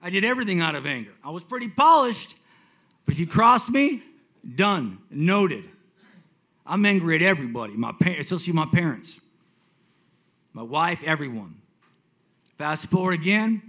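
A man in his fifties telling his personal faith testimony to a congregation, swinging between hushed reflection and excited retelling, often repeating himself. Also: a little high, normal speed, long pauses. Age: 50s. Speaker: speaker giving a testimony.

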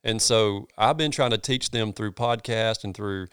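A man's voice: fairly low pitch, a little slow, a bit bright, smooth, no echo, studio quality. A man, a pastor talking in a casual chat, earnest and folksy, with many restarts.

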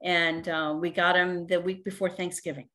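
Bright-voiced woman telling lively stories. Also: fairly low pitch, normal speed. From Florida. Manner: lively storyteller, animated quotes. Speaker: real estate agent guest. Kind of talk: casual interview chat.

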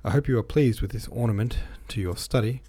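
A man's voice: medium pitch, a little fast, dark tone, slightly rough, close to an everyday voice. A man reading a novel aloud, voicing a rowdy, boisterous young lieutenant.

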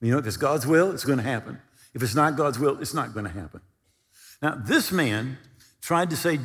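A man's voice: fairly high pitch, expressive, moderate pace, fairly bright tone. A man preaching a sermon, retelling scripture and stories with acted-out quotes. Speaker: pastor. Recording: long hall reverb.

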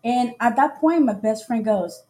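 A woman hosting a casual live podcast, telling a dating story in an animated way, often laughing and acting out what people said. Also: on the high side, a little slow.

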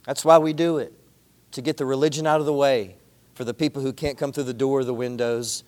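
A man's voice: mid-range voice, a little mellow. A male pastor delivering a sermon in a rhythmic, repetitive preaching style, calling out to the congregation. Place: church service, also streamed online.

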